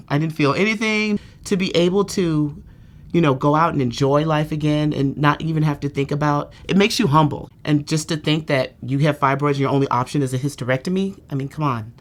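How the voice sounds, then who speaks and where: A woman's voice: low voice, a little fast. A woman giving a candid testimonial as a patient, telling her story in a chatty way and often saying "you know". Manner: lively, acts out quoted speech.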